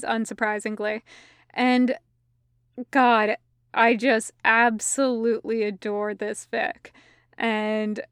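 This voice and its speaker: Smooth-voiced woman reading a story. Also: on the high side, no room sound, studio quality. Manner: gushing, with fillers in the afterword. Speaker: fan fiction reader. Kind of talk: storybook narration, then casual afterword chat.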